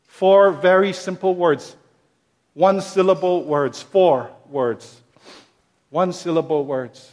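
Slow, high-voiced preaching pastor. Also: male voice. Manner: rhythmic repetition, building to emphatic high peaks then dropping soft; slow, deliberate delivery. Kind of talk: sermon.

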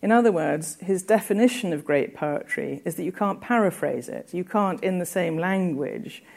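A woman lecturing on poetry in a low, mellow voice. She explains at a measured pace, with the odd hesitation, and reads verse aloud with care. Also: vocal fry. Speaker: literature lecturer. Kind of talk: academic lecture.

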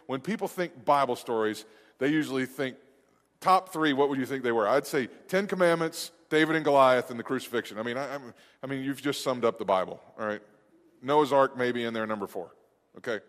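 A man's voice: mid-range voice, big-room sound. A man preaching a sermon as pastor, in a conversational, rambling way with many restarts and asides.

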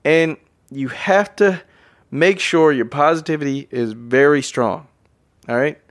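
A man with a voice on the high side speaks a little slowly while hosting a motivational podcast. Still, his monologue is energetic, full of repeated phrases for emphasis, and aimed at listeners he calls "guys."

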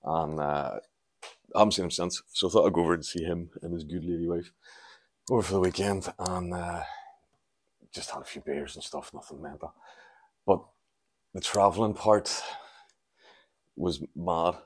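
Brief: Northern Irish host, low voice, sweary rambling monologue, dry close sound. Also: male voice, fairly even intonation, moderate pace, pauses often, no room sound. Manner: rambling, sweary, jokey storytelling. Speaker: podcast host. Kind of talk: casual solo podcast monologue. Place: at home, moving around the house doing chores.

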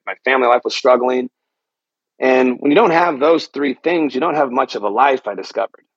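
A man's voice: mid-range voice, gravelly, breathy edge, dry recording, lo-fi sound. A middle-aged man hosting a solo health podcast, talking in an earnest, reflective and motivational way. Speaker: podcast host.

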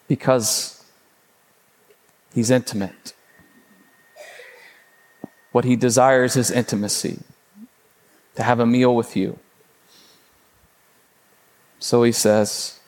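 A man, a father in his thirties or forties, preaching a sermon as a pastor in a relaxed storytelling way, often checking in with "right?". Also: medium pitch, slow, long pauses, a little hiss or hum. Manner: conversational, storytelling with frequent "right?".

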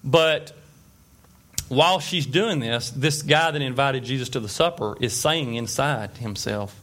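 A man's voice: mid-range voice, measured pace, fairly bright tone. A man preaching an informal sermon, retelling scripture stories in a conversational way and checking in with his listeners. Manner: conversational storytelling with fillers and asides.

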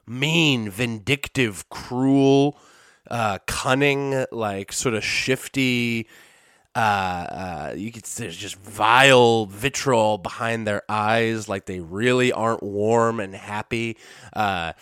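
A podcast host riffs alone in a casual, sarcastic, meandering way, breaking into sudden silliness now and then. He speaks slowly in a fairly low but slightly bright voice that is clear and resonant, recorded cleanly in a studio with no room sound.

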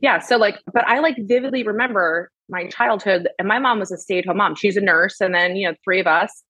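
A woman's voice: mid-range voice, a little fast, a bit bright, slightly rough, no echo, muffled recording. A woman in her thirties, a podcast guest, talking candidly about motherhood with lots of fillers and casual swearing. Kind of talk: casual chat.

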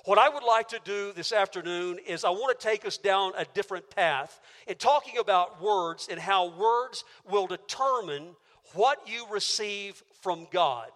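A man with a high, bright, ringing voice preaches a sermon in a church auditorium. He is emphatic and stacks up rhetorical questions. The sound carries a long reverb from the large hall. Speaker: pastor.

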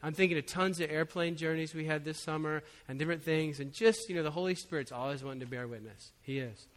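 A man preaching as a pastor, telling a personal story in a relaxed, conversational way with frequent chuckles. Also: a little high, quick pace. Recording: long hall reverb.

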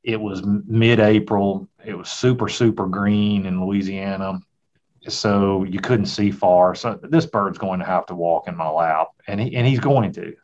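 A man's voice: low-pitched, steady tone, unhurried, darkish tone. A middle-aged man, a hunter and father, telling a folksy, reflective story in a casual conversation. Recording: dull, lo-fi sound.

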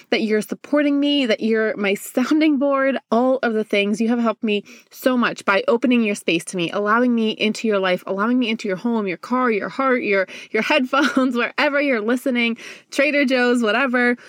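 A woman's voice: a little high, no echo, studio quality. A woman in her twenties hosting her own podcast, talking casually and effusively from a closet at home. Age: 20s. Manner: effusive, upbeat, heartfelt. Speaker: podcast host. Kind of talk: casual solo podcast talk.

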